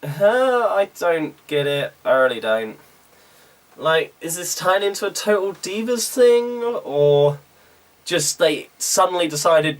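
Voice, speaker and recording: Slow and sing-song, a young man from Britain with a voice on the high side recaps a wrestling show casually. He's opinionated and chatty, peppering his talk with plenty of "um" and "uh."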